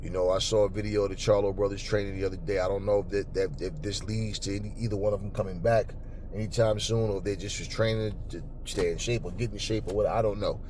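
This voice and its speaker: A man hosting a boxing talk channel, ranting angrily and profanely at commenters, stumbling over repeated words when worked up, then cooling into calmer talk. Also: fast, a little hiss or hum. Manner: calmer and lower later on. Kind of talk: angry unscripted rant to camera.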